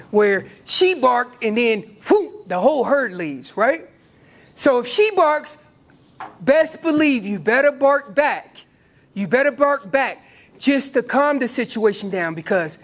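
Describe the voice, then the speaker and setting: Animated man teaching elk calling. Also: sits high. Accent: American. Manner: animated, acts out elk calls and voices. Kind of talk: hunting seminar talk.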